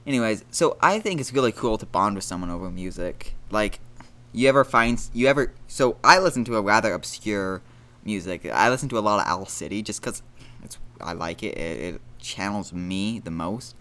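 A man's voice: lowish voice, animated, moderate pace, fairly bright tone. A man hosting a casual solo podcast, rambling and joking at his own expense. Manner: rambling, self-deprecating, jokey. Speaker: podcast host.

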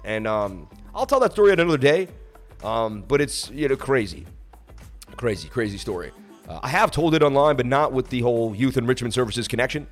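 A man's voice: mid-range voice, animated, brisk, faint music behind. Rambling, emotional male livestream host. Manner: rambling, emotional, pleading for likes. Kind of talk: casual livestream chat reading viewer comments. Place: traveling, streaming from Miami.

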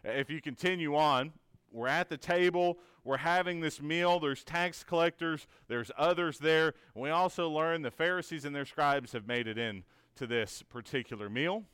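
Man, Bible lesson, resonant clear voice, dry close sound, earnest rhetorical questions. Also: on the high side, normal speed, fairly bright tone, no echo. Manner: asks rhetorical questions, often tagged with "right?"; earnest and encouraging. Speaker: Bible class teacher.

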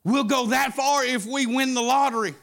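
High, bright-voiced preacher. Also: male voice, normal speed. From Oklahoma, USA. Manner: rhythmic chanted preaching with a breathy "uh" before each phrase. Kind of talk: sermon.

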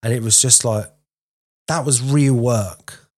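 A man's voice: mid-range voice, takes it slowly, a little mellow, slightly rough. A man sharing a painful experience bluntly in a candid conversation.

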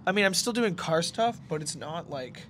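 A man's voice: fairly high pitch, expressive, normal speed, a bit bright, a little hiss or hum. A young man, telling rambling, slangy stories in a casual podcast chat. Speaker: podcast co-host.

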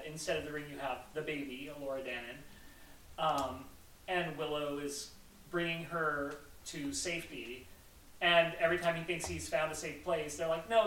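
A man's voice: a little high, bright, forceful tone, roomy sound, recorded from a distance, slight background noise, rough recording. A man hosting a podcast in casual chat, rambling with lots of "like" fillers. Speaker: podcast host.

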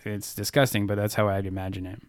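A man co-hosting a casual podcast, explaining his views in a measured, low-key way. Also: little pitch movement, smooth, no echo. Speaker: podcast co-host.

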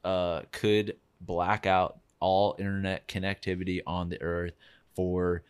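Smooth, very deep-voiced man. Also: little pitch movement, a little slow. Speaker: podcast co-host. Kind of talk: casual chat.

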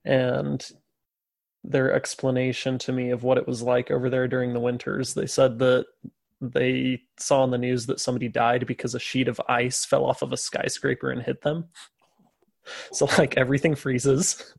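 A man's voice: medium pitch, level tone, moderate pace, gravelly, dry recording. A man co-hosting a podcast, retelling a story in casual chat with jokey, sarcastic asides. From USA. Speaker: podcast co-host.

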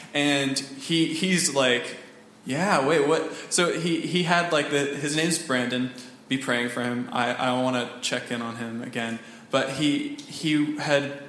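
Man telling a halting story in an echoey hall. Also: mid-range voice, a bit bright. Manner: halting, lots of fillers and restarts, laughs often. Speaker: church member sharing a mission trip story. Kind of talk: casual storytelling testimony. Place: church hall.

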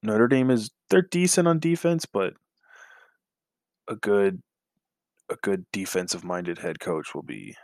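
A man's voice: lowish voice, lively intonation, measured pace, long pauses, a little mellow, no echo. A man co-hosting a casual sports podcast, talking hesitantly with lots of fillers and sighs.

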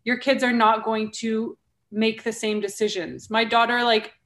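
A woman's voice: fairly high pitch, level tone, moderate pace, fairly bright tone. A woman in her thirties hosting a casual podcast conversation, talking emphatically and firing off rhetorical questions. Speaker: podcast host.

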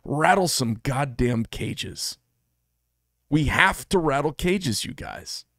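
This middle-aged knife maker from the United States hosts his own channel, speaking solo to camera in a blunt, profane, combative way. His voice runs on the high side with lively intonation and a slow pace, fairly bright in tone, in studio quality with no room sound.

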